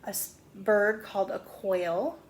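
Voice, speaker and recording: A woman's voice: mid-range voice, takes it slowly. A middle-aged woman teaching a phonics lesson to young children, patiently sounding out words.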